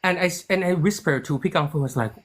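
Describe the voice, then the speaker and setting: A man who writes and produces a TV series, telling a story in a casual interview. He talks in an animated way, acts out quoted dialogue, and often restarts his sentences with "like". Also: on the high side, fast.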